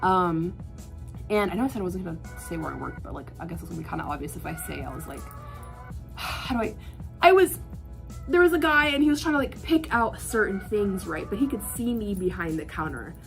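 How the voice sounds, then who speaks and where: A young woman vlogger telling a work story in casual chat, animated and exasperated, with lots of filler words and sighs. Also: mid-range voice, fairly quick, gravelly, faint music behind. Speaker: art vlogger.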